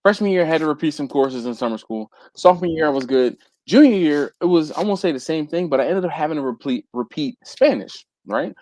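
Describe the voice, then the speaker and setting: A man's voice: a little high, brisk, hardly any pauses. A man hosting a live stream, telling a long casual story and acting out the people in it. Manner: animated, acts out quoted people.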